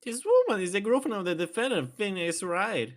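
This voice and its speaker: A woman voicing a stern elderly male courtroom judge in a game, speaking in formal, deliberate pronouncements. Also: mid-range voice, big pitch swings, slight background noise, natural voice.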